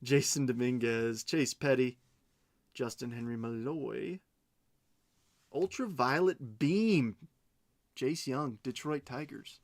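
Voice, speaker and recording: A man's voice: medium pitch, takes it slowly, pauses often. A man hosting a card break, chatting casually and reading out each card as he goes, with playful self-mocking asides. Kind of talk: casual live card-opening commentary.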